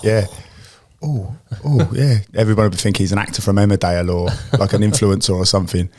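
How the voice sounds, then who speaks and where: Jokey english guy in his 40s hosting a podcast, lowish voice, rambles a lot. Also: fairly even intonation, quick pace, a little mellow. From England. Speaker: podcast host. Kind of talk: casual chat.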